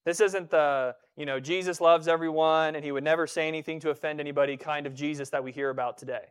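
Male preacher, slightly high, clean smooth tone, chatty sermon delivery with restarts. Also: steady tone, fast talker. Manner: conversational preaching with frequent restarts and dramatic quoted voices. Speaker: pastor.

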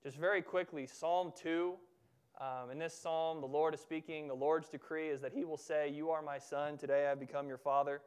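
A man preaching a sermon from the pulpit in a church, emphatic, repeating phrases and slowing down on key words. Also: on the high side, flat delivery, a little mellow, clean tone. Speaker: pastor.

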